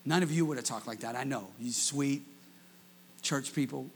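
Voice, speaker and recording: A man preaching a sermon as pastor, leading call-and-response with the congregation and swinging between quiet asides and shouted passages. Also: mid-range voice, moderate pace, slight background noise.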